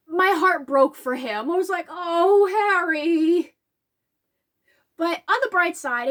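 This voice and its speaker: A woman giving a casual, emotional reflection on a film. She talks animatedly and gets choked up. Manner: animated, acts out quotes in a higher voice. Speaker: video essayist.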